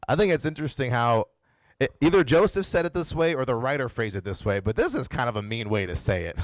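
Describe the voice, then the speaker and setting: A man's voice: medium pitch, animated, fast talker, no room sound. Chatty man preaching, dry close sound. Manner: conversational, playfully voices the characters he quotes. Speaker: pastor. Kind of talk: casual sermon.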